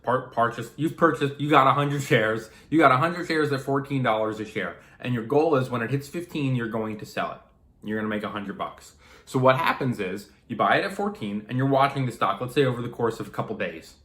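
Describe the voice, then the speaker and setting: Animated man explaining stocks, echoey room. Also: mid-range voice. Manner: animated, acts out the trader's inner voice, swears casually. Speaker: day trader explaining stocks. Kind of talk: casual explainer talk to camera.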